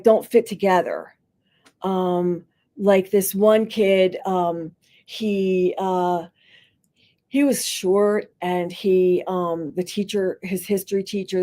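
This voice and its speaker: A middle-aged woman, a school psychologist, explaining counseling techniques in conversation and acting out quotes as she tells anecdotes. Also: medium pitch. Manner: animated storytelling, acts out voices in quotes. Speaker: school psychologist and podcast guest.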